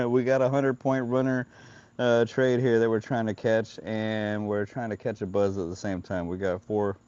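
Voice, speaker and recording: A man with a deep, low voice and a Southern California accent talks loosely to his live-stream viewers. He is a few beers in, joking and chatting as he goes. The sound is dull and lo-fi. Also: little pitch movement, moderate pace, a little mellow, clean tone. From Florida, US. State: a few beers in, slightly tipsy. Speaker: live-stream futures trader. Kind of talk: casual live-stream chat.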